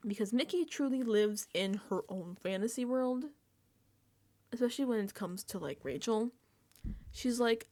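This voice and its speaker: A woman's voice: fairly high pitch, expressive, normal speed, dark tone. A woman hosting a casual reality TV recap, talking animatedly, laughing often and acting out quoted lines.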